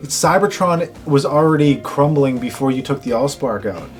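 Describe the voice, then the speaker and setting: A man's voice: medium pitch, expressive, moderate pace, faint music behind. A man co-hosting a casual show review, talking in an exasperated, rhetorical way. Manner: exasperated, rhetorical, mimics characters. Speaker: co-host.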